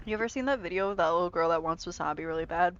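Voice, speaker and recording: A woman streaming a video game, chatting casually and excitably with frequent swearing and playful grumbling. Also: fairly low pitch, clear, resonant tone, highs cut off. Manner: chatty, excitable, quick reactions and self-talk. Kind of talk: casual live-stream gameplay commentary.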